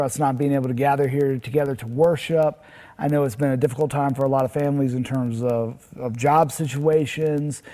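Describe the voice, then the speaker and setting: A man's voice: a little high, dark tone. A man speaking as a pastor, giving a short, earnest devotional message in a plain, conversational way with some restarts. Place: church.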